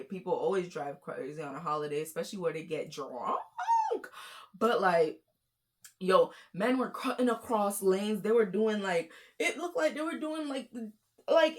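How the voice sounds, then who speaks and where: A young woman from Florida giving casual, chatty reaction commentary on short videos, with lots of fillers. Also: fairly low pitch. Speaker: commentary YouTuber.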